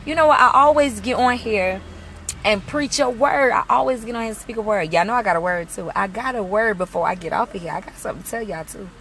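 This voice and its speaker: A woman's voice: medium pitch, quick pace, a bit bright, a little hiss or hum. A woman ministry leader chatting casually on a livestream from a parked car outside a mall, greeting viewers by name and blessing them.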